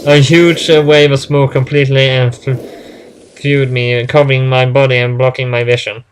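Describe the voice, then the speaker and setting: A man reading a first-person story aloud in a halting way, stumbling and restarting words often. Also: medium pitch, little pitch movement, slight background noise. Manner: halting, with frequent restarts and fillers.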